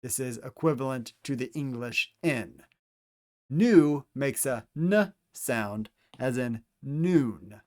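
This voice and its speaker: Guy teaching greek letters real slow, repeats every word, middle pitch. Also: expressive, darkish tone. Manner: slow, deliberate, repeats each example word. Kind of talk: slow instructional pronunciation lesson.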